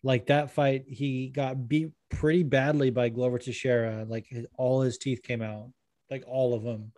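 Man, podcast host, casual rambling talk, mid pitch, dry recording. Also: steady tone, normal speed, darkish tone, no echo. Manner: rambling, lots of "like", laughs easily.

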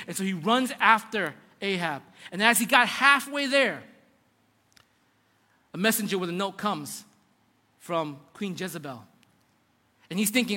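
A man's voice: high voice, animated, a little slow, long pauses, sharp tone. A man preaching a sermon, retelling a Bible story dramatically and with emphasis. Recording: long hall reverb.

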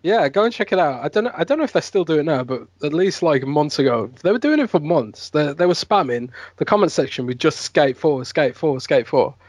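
A man's voice: fairly high pitch, very animated, brisk, hardly any pauses, no echo. Chatty man with West Midlands accent. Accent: West Midlands English. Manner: chatty, laughs often, repeats words. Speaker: guest podcast panelist. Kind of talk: casual podcast chat.

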